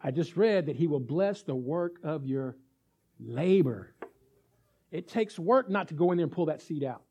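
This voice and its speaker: Man, pastor, sermon, high voice, animated delivery, playful and engaged with the congregation. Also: moderate pace, breathy edge. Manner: energetic, acts out little scenes, keeps checking in with the congregation.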